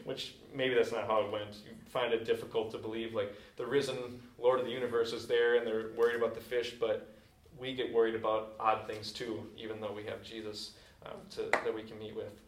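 A man's voice: fairly low pitch, flat delivery, brisk. A man preaching a sermon as a pastor, telling a story in a casual, conversational way. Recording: echoey room from a distant mic.

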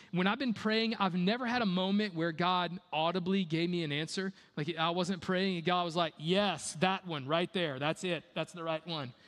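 A man's voice: sits high, fairly bright tone, big-room sound. A man preaching a sermon as a pastor, conversational, repeating key phrases and asking rhetorical questions.

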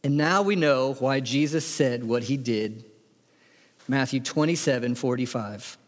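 A man's voice: medium pitch, measured pace, in a large hall. A man preaching a sermon, reading scripture aloud with emphatic delivery. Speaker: pastor.

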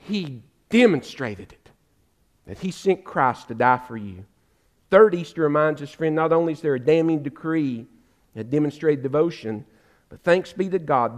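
A man delivers a fervent sermon. His voice sits high and swings widely in pitch as he climbs to emphatic peaks. He keeps calling his listeners friend. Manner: fervent preacher, rises to emphatic climaxes, addresses listeners as friend. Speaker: pastor.

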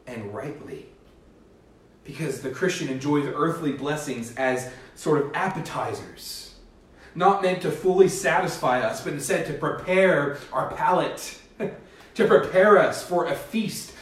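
A male pastor preaching a sermon in an earnest, emphatic manner, with rising bursts. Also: a little high. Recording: echoey hall, distant mic.

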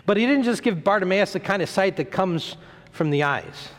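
A man preaching a sermon, retelling a story in an animated way, acting out the voices, sometimes stumbling and repeating words. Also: sits high, moderate pace. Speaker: pastor. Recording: long hall reverb.

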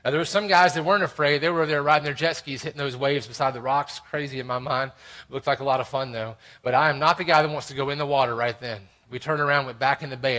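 A man preaching a sermon, swinging between loud exclamations and quiet, intimate asides. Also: fairly high pitch. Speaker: pastor.

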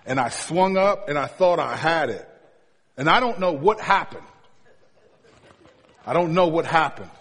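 A male pastor delivers a sermon in a somewhat husky voice that sits a little high. He mixes storytelling with light humor for the congregation. A long reverb trails his words through the hall. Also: lively intonation, unhurried, long pauses, a bit bright.

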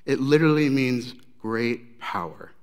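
A man preaching a sermon in a conversational, animated storytelling way. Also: medium pitch, unhurried, clean tone. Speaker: pastor.

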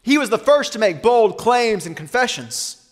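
Male pastor, high voice, earnest sermon delivery, reverberant church hall. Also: sing-song. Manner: earnest, slows and softens for weighty lines.

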